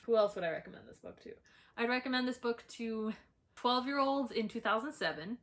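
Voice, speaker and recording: A young woman reviewing books she disliked, talking bluntly, swearing and laughing between animated outbursts. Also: on the high side, a little fast. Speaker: book vlogger. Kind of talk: ranting book review.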